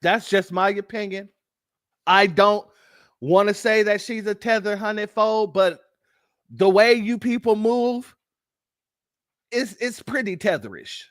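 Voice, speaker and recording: A man's voice: high voice, measured pace, long pauses, fairly bright tone, no echo, studio quality. A man hosting political commentary, blunt and mocking, firing off rhetorical questions. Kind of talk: ranting commentary on news clips.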